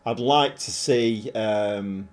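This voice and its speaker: A middle-aged man commentating live on his football management game, animated and often shouting at his players. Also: lowish voice, extremely slow. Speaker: game streamer.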